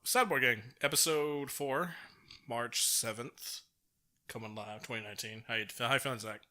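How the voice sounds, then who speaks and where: A man's voice: medium pitch, normal speed, sharp tone. A young man co-hosting a casual podcast, joking loosely and laughing often. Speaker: podcast co-host. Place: hot small room.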